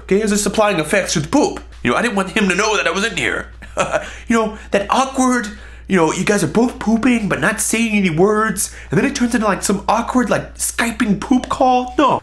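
A young man delivering a comedic story monologue with animated, exaggerated comic delivery. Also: sits high.

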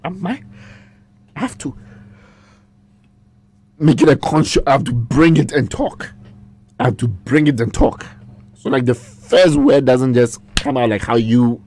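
A man with a breathy, breaking voice that often drops near a whisper, telling a story animatedly as a guest in a radio studio. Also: mid-range voice, a little slow, long pauses. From Ghana. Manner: animated, emphatic, repeats himself. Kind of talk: casual radio interview, storytelling.

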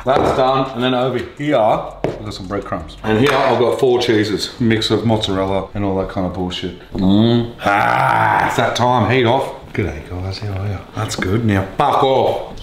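A man's voice: fairly low pitch, normal speed, roomy sound, heavy background noise. An Australian man hosting a casual cooking show, joking crudely and swearing constantly as he cooks in a kitchen. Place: home kitchen.

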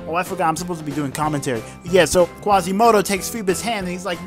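A man's voice: sits high, steady tone, quick pace, hardly any pauses, over music. A man doing comedic play-by-play commentary over a film, joking and slangy. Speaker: comedic sports-style commentator.

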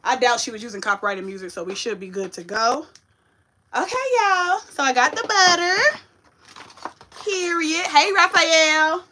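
A woman hosting a cooking livestream from her home kitchen, chatting with viewers in an animated, sassy way. Her voice sits high and sounds bright and forceful. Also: moderate pace, slight background noise. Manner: chatty, animated, talks to viewers, sassy Southern-flavored slang. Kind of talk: casual livestream chat while cooking. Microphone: ring light setup.

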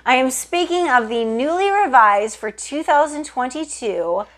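A woman's voice: sits high, lively intonation, a little slow. A woman gushing enthusiastically as she reviews luxury handbags for her viewers, often saying "you guys". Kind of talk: casual product review vlog.

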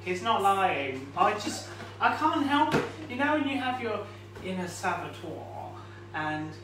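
A man's voice: high-pitched, very animated, a little slow. A man co-hosting a casual home cooking vlog, rambling with crude humour. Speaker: co-host. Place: home kitchen. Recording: echoey kitchen, distant mic, noisy.

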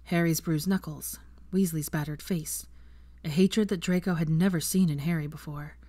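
A fan fiction reader narrating a chapter aloud in a calm, steady way. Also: mid-range voice, normal speed, no echo. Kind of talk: reading a novel aloud.

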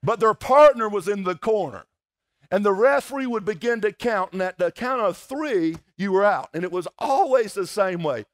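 High-voiced Southern US pastor preaching. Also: male voice, expressive, normal speed. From South Georgia, US. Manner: conversational, folksy, playful asides to the congregation. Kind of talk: sermon with prayer and personal storytelling. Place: church service before a congregation.

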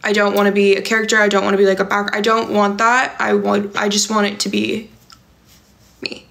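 A woman's voice: medium pitch, monotone, brisk, creaky, fairly bright tone. A young woman chatting on a livestream, reading viewer comments aloud and answering them in a rambling way, with lots of "like" and "um". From California. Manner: rambling and filler-heavy, many "like" and "um". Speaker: livestream host.

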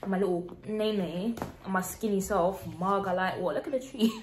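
A woman's voice: medium pitch, moderate pace, slight background noise. A teenage girl, chatting in a casual reaction vlog, giggly and self-mocking. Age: teens. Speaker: vlogger. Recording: roomy echo, faint music.

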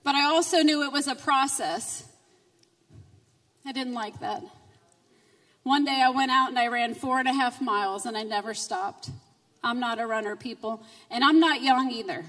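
A middle-aged woman giving an emotional personal testimony at a church conference, moving from quiet storytelling to loud, fervent preaching. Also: high voice, moderate pace, long pauses. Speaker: conference speaker. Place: church sanctuary. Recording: reverberant hall, distant mic.

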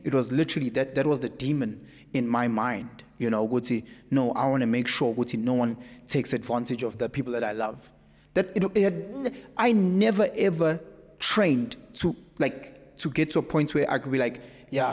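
A man with a South African accent, speaking as a podcast guest in an emphatic, animated storytelling way. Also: medium pitch. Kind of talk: casual conversation. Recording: echoey room with long reverb.

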